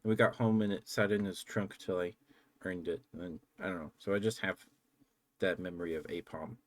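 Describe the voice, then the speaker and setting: Chatty streamer man with a low voice. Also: fairly even intonation, a little fast. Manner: rambling, chatty storytelling with laughs. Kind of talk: casual stream chat.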